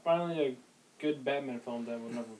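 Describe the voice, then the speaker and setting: Man, podcast guest, low-key, short replies, mid pitch. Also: quick pace, darkish tone, rough recording. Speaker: podcast panelist. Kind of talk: casual chat.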